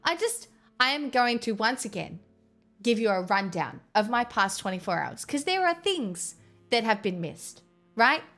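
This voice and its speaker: A woman's voice: a little high, very animated, measured pace, a bit bright. Sweary rambling young woman streamer. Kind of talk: casual live-stream chat. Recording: faint music behind.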